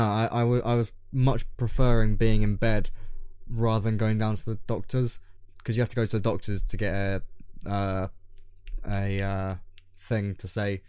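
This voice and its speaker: Young guy rambling thru a story, lotsa ums, lowish voice, dead dry room. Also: darkish tone, clear, resonant tone, no room sound. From Scotland. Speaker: podcast co-host. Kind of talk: casual chat.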